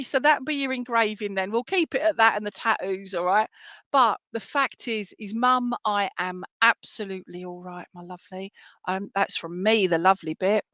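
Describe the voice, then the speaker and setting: At home by herself, a woman medium gives clairvoyant readings through an online service, chatty and affectionate, frequently checking in with "all right?". Her mid-range voice has a sharp tone, and the recording is dry.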